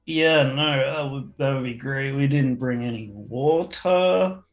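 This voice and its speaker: A man voicing a dazed, mellow male satyr with a drawling, meandering way of talking. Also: mid-range voice, slow, muffled recording. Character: spaced-out male bro satyr, lost and mellow.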